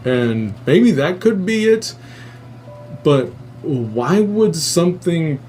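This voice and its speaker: A man hosting a live stream, casually retelling a story in a rambling, animated way and swearing a lot. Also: a little high, slow pace, soft background music. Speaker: livestream host.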